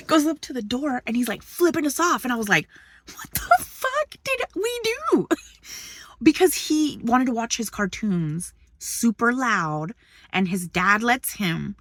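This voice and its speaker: A woman's voice: medium pitch, fairly bright tone, dry recording, clean studio sound. A woman vlogging in a chatty storytelling way, swearing freely, laughing often and jumping between subjects. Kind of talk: casual storytelling vlog.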